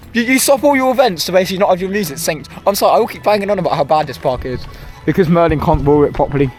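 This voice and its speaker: A young man, vlogging outdoors at a theme park, ranting and rambling with frequent self-corrections. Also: sits high. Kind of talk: walking vlog commentary. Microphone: handheld camera.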